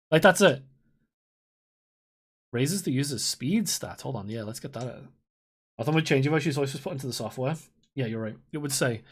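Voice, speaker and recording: Playing a game on a live stream, a thirty-something streamer rambles in casual chat, swearing freely and laughing often. The voice is mid-range and fairly bright, expressive, at a moderate pace with frequent pauses.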